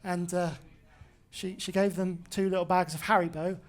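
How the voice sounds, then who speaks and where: A comedian in her twenties speaks in a fairly low voice with little pitch movement, at a moderate pace. Her pub stand-up set is a sweary rant, with lines tagged by "right?".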